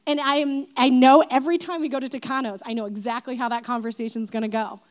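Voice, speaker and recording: A woman in her thirties talking casually, chatty and quick to laugh, with lots of fillers. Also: sits high, steady tone. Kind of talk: casual talk.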